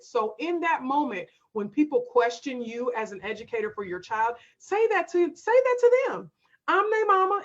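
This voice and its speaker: A homeschool livestream host with a fairly high, slightly bright voice talks from her desk, reading viewer comments aloud and addressing her audience directly. She speaks emphatically in a folksy way, and the audio is a bit dull and lo-fi.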